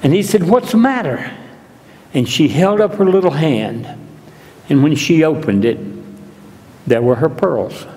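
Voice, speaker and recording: A man preaching a sermon in a church, telling a story slowly and deliberately. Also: a little high, animated, dark tone. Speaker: pastor. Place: church sanctuary. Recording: long reverb in a large hall.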